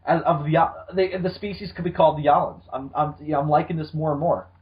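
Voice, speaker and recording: A man's voice: a little high, steady tone, fast, highs cut off. A man co-hosting a casual movie podcast, rambling with lots of ums and joking asides. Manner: rambling with many ums, swearing, jokey voices. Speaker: podcast co-host.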